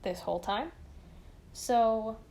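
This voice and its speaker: A woman's voice: fairly high pitch, takes it slowly, warm tone. A young woman co-hosting a podcast, chatting casually, laughing often and swearing freely. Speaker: podcast co-host. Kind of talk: casual chat.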